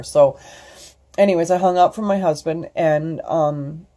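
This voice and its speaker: A woman's voice: low-pitched, measured pace, warm tone. A woman in her fifties, telling a personal story on her vlog in a rambling way, full of fillers, restarts and casual swearing, into her computer's mic at home. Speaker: vlogger.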